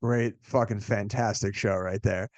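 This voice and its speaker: A young man hosting a casual movie podcast, excitable and profane, calling everyone "dude.". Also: on the low side, measured pace, dry recording. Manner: excitable, swears a lot, says "dude" often. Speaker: podcast host.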